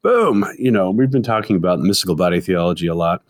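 A man's voice: low voice, animated, fast. A man co-hosting a podcast in casual discussion, explaining a text and reading passages from it aloud. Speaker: podcast co-host.

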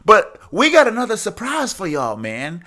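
A man's voice: high-pitched, wildly swooping pitch, moderate pace, pushed and bright. A man hosting a casual movie-review podcast, joking around and hyping up his co-host and guests.

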